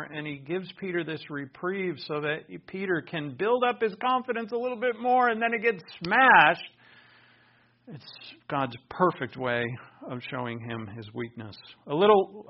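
A man preaching a sermon from the pulpit, earnest, with sudden loud emphatic bursts. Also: fairly high pitch, highs cut off. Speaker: pastor.

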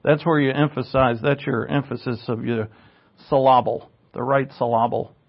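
A man's voice: mid-range voice, steady tone, normal speed. A male pastor teaching a verse-by-verse sermon in a conversational way, with asides, self-corrections and emphasis that rises on key words. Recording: dull lo-fi recording.

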